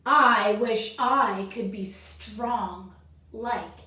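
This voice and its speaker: A woman voicing a wistful male chameleon who wishes he were other animals, speaking slowly and softly. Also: on the high side, pitched below the performer's own voice, exaggerated voice. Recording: echoey room, voice from far off.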